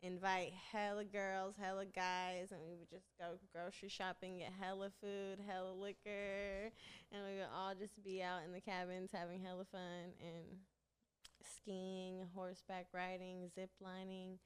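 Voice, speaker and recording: A woman's voice: medium pitch, little pitch movement, measured pace, smooth. A young woman guesting on a podcast interview, telling stories in a laid-back, slangy way and laughing often. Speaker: rapper and singer, interview guest. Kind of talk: casual interview chat.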